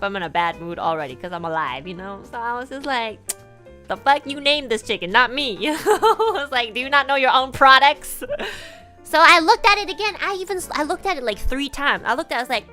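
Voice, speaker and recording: A woman streamer spins a rambling, animated story, leaning on "like" and slipping in Japanese phrases. Her voice sits high and bounces all over the place, with faint music underneath. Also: fast talker. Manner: rambling, animated, full of "like" and laughter. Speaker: virtual streamer. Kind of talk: casual storytelling chat.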